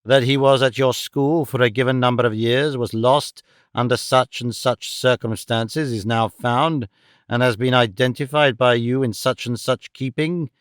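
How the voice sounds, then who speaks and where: A man narrating an audiobook gives voice to a domineering older moneylender who speaks curtly and dryly. Each point comes slow, measured and emphatic, in a dry, close voice. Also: medium pitch, fairly even intonation, clean tone, dry recording, close to an everyday voice. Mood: insistent. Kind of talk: audiobook character voice.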